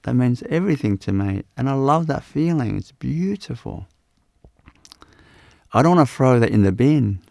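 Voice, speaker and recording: A man giving a live spiritual talk as teacher, unhurried and repeating his phrases with many "you know"s. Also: mid-range voice, animated, vocal fry, dark tone, no room sound, clean studio sound.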